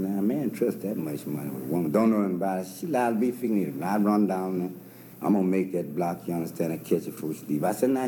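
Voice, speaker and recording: A man's voice: on the low side, mellow. A man telling a long rambling story in folksy dialect, chuckling and throwing in asides. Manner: loose, chuckling, drawn-out delivery with lots of asides. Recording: noisy old recording with hiss.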